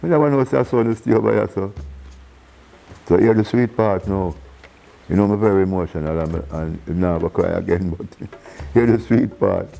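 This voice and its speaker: A man with a Jamaican accent spins stories in a relaxed interview, his voice sitting low and warm. He is animated and theatrical, slipping into the voices of the people he describes and breaking into laughter. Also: a little fast, creaky, rough recording. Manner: animated storyteller who acts out quoted voices and laughs often. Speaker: reggae singer being interviewed. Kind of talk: casual storytelling in an interview.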